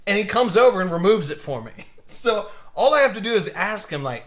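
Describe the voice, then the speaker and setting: This young man's voice is high and brisk with lively intonation as he hosts a live card-opening stream. He talks casually, meandering through stories with lots of restarts.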